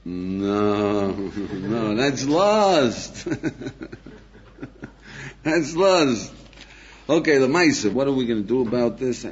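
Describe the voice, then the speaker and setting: Man, rabbi lecturing a class, lively swooping voice, rhetorical questions, dull lo-fi tape. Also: medium pitch, slow pace, long pauses, a little hiss or hum. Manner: animated, fires rhetorical questions, acts out dialogues, chuckles. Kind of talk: lively lecture to a live audience.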